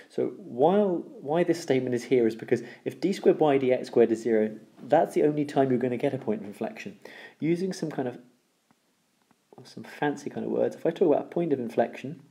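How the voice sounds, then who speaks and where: A male maths teacher talks through a lesson with a gravelly, mellow voice. He explains patiently, repeats each rule and pauses to ask "okay?" His tone stays dark and steady. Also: medium pitch. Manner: explains step by step, repeats key rules, checks with "okay?".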